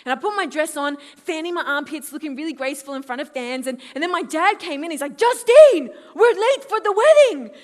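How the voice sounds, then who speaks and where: A woman in her twenties with an Australian accent, a conference speaker giving a lively testimony talk and acting out her own quotes. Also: high-pitched, fast, hardly any pauses. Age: 20s. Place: large hall. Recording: long hall reverb.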